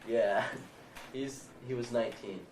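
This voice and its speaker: A seventeen-year-old boy, interviewed indoors at a house, tells a rambling, profane story in casual storytelling style. His male voice is medium-pitched, fairly even, slow, and a little mellow. The 1990 home video recording sounds roomy, distant, and noisy.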